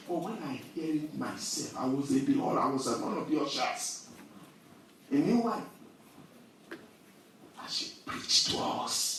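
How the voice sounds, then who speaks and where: A man preaching an animated sermon, telling personal stories and building to loud scripture readings. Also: high voice, normal speed, a little hiss or hum. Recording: echoey hall, distant mic.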